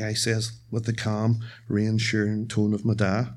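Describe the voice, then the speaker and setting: A man's voice: fairly low pitch, monotone. Wry male storyteller. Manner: wry, measured, dark humour. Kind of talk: live first-person storytelling. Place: stage at a live event.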